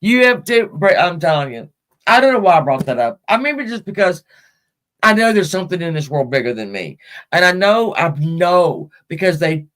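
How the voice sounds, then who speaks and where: A woman's voice: fairly low pitch, sing-song, normal speed. A middle-aged woman hosts a casual talk show and tells a personal story. Her talk rambles, with restarts and side turns. She speaks frankly and swears freely. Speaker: podcast host.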